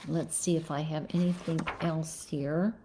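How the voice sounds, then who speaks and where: On a live stream, a middle-aged woman who works as a psychologist reads viewer comments and responds with advice. She speaks a little slowly in a deep voice with fairly even intonation, pausing on fillers and starting over often, while background noise is audible.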